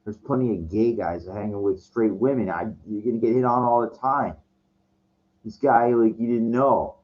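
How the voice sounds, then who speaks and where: Low voiced guy ranting, cursing a lot, keeps restarting, kinda muffled lo-fi audio. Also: fairly even intonation, moderate pace. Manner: profane, agitated, stumbling restarts. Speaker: vlogger. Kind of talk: casual storytelling rant. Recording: dull lo-fi recording.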